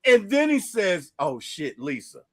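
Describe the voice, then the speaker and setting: A man co-hosts a casual film debate in a high voice. His pitch swings widely as he argues, laughs and exclaims. He acts out lines from the movie as he makes his points. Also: wildly swooping pitch, a little slow, a bit bright. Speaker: co-host.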